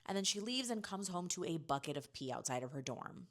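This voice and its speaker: Woman, deep low voice, chatty episode recap, loose filler-heavy delivery. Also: sing-song. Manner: paraphrases characters in quick quoted asides. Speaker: TV recap host.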